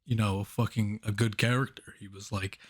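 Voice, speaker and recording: A man co-hosting a casual movie review podcast, laid-back and halting, restarting with "um" and swearing. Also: on the low side, fairly even intonation. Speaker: podcast co-host.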